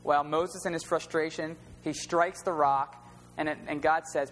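A man's voice: a little high, steady tone, unhurried, fairly bright tone. Man preaching in a reverberant hall. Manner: conversational storytelling, plain everyday wording. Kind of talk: sermon. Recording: long reverb with faint hum.

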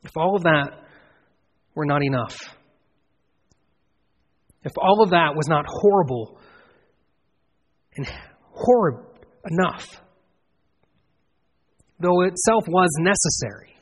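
An earnest man preaching a sermon, his voice set a little high with a husky edge. He builds to emphatic swells and then sinks low again. A long hall reverb trails after his words. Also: animated, slow, long pauses. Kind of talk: expository sermon.

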